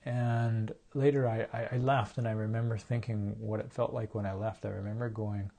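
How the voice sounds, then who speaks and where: A man with a warm, mellow voice tells a personal story. He speaks earnestly and haltingly, stumbling over repeated words and acting out the things people said. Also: fairly low pitch, flat delivery, creaky.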